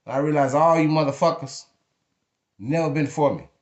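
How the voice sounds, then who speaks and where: A man's voice: fairly high pitch, moderate pace. A man speaking to camera in an emotional venting monologue, blunt and emphatic, cursing freely. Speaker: vlogger. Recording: echoey room.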